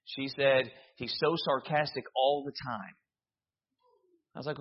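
A pastor preaching a sermon, animated, with humor and quick repetitions. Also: male voice, medium pitch, breathy edge. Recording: dull lo-fi sound.

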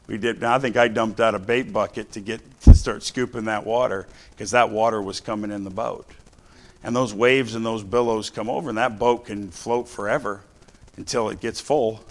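A middle-aged man preaching a sermon, telling a story from his own life and slowing down to stress key lines. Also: lowish voice, fairly even intonation. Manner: storytelling, varies loudness, slows for emphasis.

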